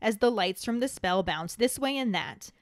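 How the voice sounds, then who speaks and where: A woman's voice: mid-range voice, expressive, normal speed, no room sound, studio quality. A woman co-hosting a podcast, comparing a book with its film in a playful, punning way. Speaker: podcast co-host.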